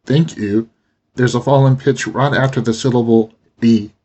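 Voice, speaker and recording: A man teaching a language lesson, explaining pronunciation slowly and deliberately. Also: medium pitch, steady tone, a little mellow. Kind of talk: instructional narration.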